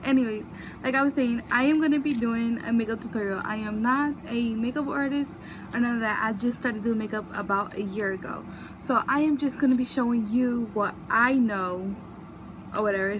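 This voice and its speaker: A woman's voice: a little high, background noise. A young woman chatting casually through a makeup tutorial, walking viewers through each step in an informal way. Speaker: beauty vlogger.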